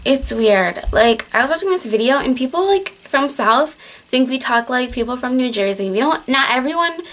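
A teenage girl with a Michigan accent talks straight to her viewers in a casual home vlog. Her voice sits high and bright, and she sounds exasperated and chatty. She leans on fillers and restarts her sentences. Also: lively intonation, normal speed. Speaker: vlogger on a group channel. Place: at home, in winter.

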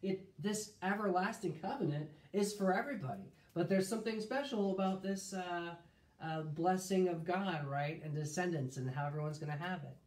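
A man's voice: high-pitched, normal speed, darkish tone. A man leading a casual Bible study, thinking aloud with restarts and reading scripture in a lifted voice. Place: room streamed live. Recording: roomy echo.

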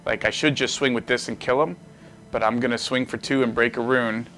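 A male host talks through his card game live at a middle pitch, joking and thinking out loud. He stays animated and playful, with faint music underneath. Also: a little fast. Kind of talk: casual livestream gameplay commentary.

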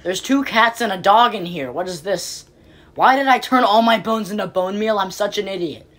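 A woman commentating casually on her game, rambling and playfully exasperated, breaking into quick pleading outbursts. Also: mid-range voice, a bit bright. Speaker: game player.

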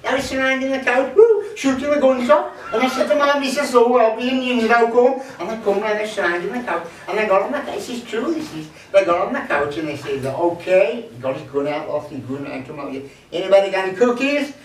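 A man's voice: sits high, fairly quick, hardly any pauses, slight background noise. A man at a folk club telling rambling comic anecdotes, chatty and jokey with lots of fillers. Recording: echoey room, mic from far off.

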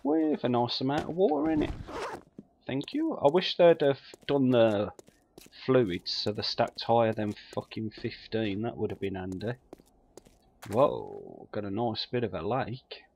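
A man's voice: medium pitch, sing-song, moderate pace, a little mellow, a little hiss or hum. A man giving casual, muttering commentary while he plays a survival game, swearing freely. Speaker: let's play gamer.

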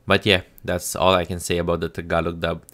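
A man's voice: low voice, level tone, fairly quick, a bit bright. A Filipino man with a Filipino accent giving a casual spoken review, hesitant and full of ums and restarts. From Philippines. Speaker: show reviewer.

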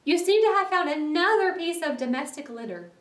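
A woman voicing a fussy, put-upon male mole with a high, whiny manner, read aloud for a class. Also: animated, brisk, roomy sound, recorded from a distance. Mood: plaintive.

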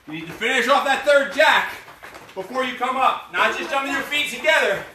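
A man coaching a live bootcamp class with a high, bright, cutting voice that swings widely. He barks profane, fired-up motivation and counts reps. The sound is roomy and a little faint, as if he stands away from the microphone, with a light hiss underneath. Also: lively intonation, a little fast, far from the mic. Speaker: fitness coach.

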